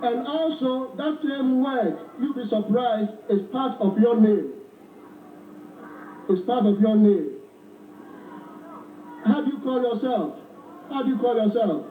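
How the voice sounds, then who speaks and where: A high-pitched man with a Ghanaian accent speaks slowly and deliberately, preaching to a rally crowd and drawing responses from them. He is heard from far off, with a roomy echo, on a tinny, phone-like recording with faint background noise. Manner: slow, preaching, repeats phrases and leads the crowd. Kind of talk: rally speech with call and response. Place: outdoor rally.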